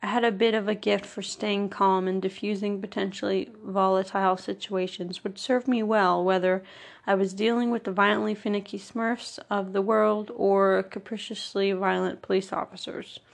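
Gravelly woman narrating a memoir. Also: medium pitch, flat delivery, normal speed. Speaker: audiobook narrator. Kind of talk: first-person memoir narration.

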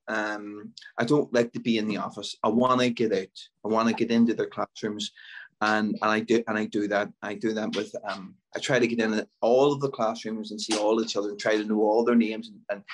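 A middle-aged man with a Belfast accent, a school principal telling stories in a casual interview, lively and full of restarts. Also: lowish voice, a little fast, low-quality recording. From Northern Ireland. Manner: animated storyteller with many restarts and repeated words.

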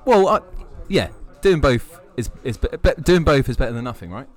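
A man's voice: mid-range voice, big pitch swings, normal speed. A man co-hosting a podcast from a pub, teasing his partner with dry remarks and laughing often. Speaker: podcast co-host. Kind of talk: casual chat.

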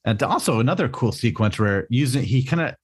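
A man co-hosting a casual comics podcast, talking in a middle-pitched voice. He rambles and often laughs, with lots of ums and uhs along the way. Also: expressive, fairly quick, husky. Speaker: podcast co-host.

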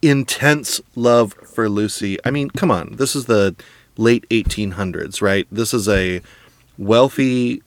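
A man's voice: lowish voice, takes it slowly, no echo. Guy ranting about a movie w/ a buddy, laughy, super dry mic. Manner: animated, laughs often, acts out quotes in passing. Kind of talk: casual film discussion.

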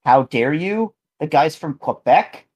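A man's voice: on the high side, animated, unhurried, darkish tone, husky. A man co-hosting a podcast in casual chat, rambling earnestly with frequent restarts. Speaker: podcast co-host.

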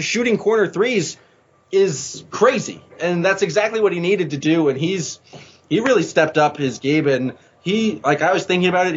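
Rambling male podcast co-host. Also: a little high. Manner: rambling, hesitant, many fillers. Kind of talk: casual sports podcast chat. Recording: muffled lo-fi audio.

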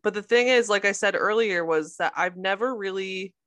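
A woman co-hosting a casual podcast chat with her sister, retelling scenes in an animated way and swearing freely. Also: medium pitch, moderate pace. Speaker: podcast co-host; sister of co-host.

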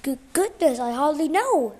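A woman's voice: a little high, normal speed, dark tone, close to an everyday voice. A woman voicing a flustered, stammering mother in a read-aloud story. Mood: alarmed. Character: flustered mother, slim and gentle.

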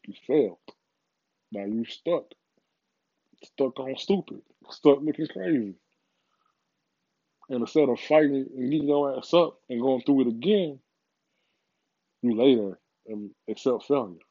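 A man's voice: mid-range voice, expressive, unhurried, long pauses, mellow, dry recording, lo-fi sound. A man giving a casual, rambling motivational monologue, profane and full of repeats.

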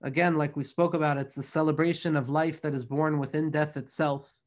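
A man's voice: on the high side, level tone, fairly quick. A man teaching an earnest, flowing religious lecture, mixing Hebrew and Yiddish terms into his English. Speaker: Torah teacher.

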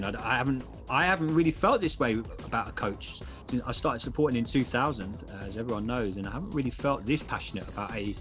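A man's voice: fairly low pitch, a bit bright. A man chatting enthusiastically as a guest on a podcast, often restarting his sentences. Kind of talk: casual podcast chat.

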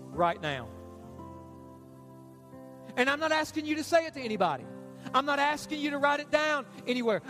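A pastor giving an urgent, repetitive altar call in a church sermon. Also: male voice, very high voice, fairly bright tone. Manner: urgent, repetitive, pleading preaching. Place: church stage.

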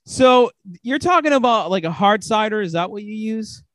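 A man with a high, lively voice that swings all over the place, talking loosely and a bit slurred in casual drunk chat. He swears freely and keeps breaking into laughter. The sound is dry and close to the mic. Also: normal speed, no room sound. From United States. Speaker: podcast host.

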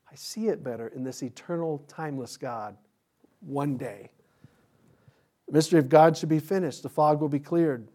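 Pastor preaching with lively asides. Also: male voice, fairly high pitch. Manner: conversational preaching with humorous asides and sudden bursts of excitement. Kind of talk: sermon.

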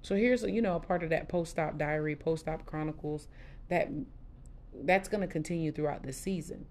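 A middle-aged woman hosting a podcast, telling her personal story candidly in a casual, expressive way with lively quoted asides. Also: low voice, moderate pace, a little hiss or hum. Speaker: podcast host.

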